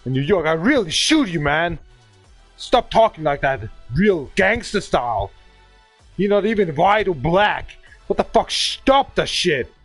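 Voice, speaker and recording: This high-pitched man from Bavaria, speaking with a German accent, angrily rants during a gaming livestream, swearing and hurling insults at another player. There's no echo on the recording.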